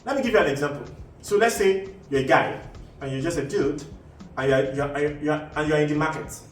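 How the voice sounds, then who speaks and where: A man's voice: on the high side, fairly quick, faint music behind. A man with a Nigerian accent, hosting and explaining in a casual, rambling monologue full of "you know" asides and restarts. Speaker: host. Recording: echoey room, mic at a distance, faint background ambience.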